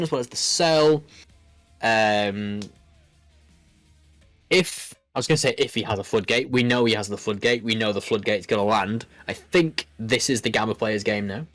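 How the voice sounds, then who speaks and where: A man's voice: medium pitch, dry recording. A man commentating a card game match in a loose, rambling way, full of restarts. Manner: rambling, lots of fillers and restarts. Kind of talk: casual play-by-play commentary.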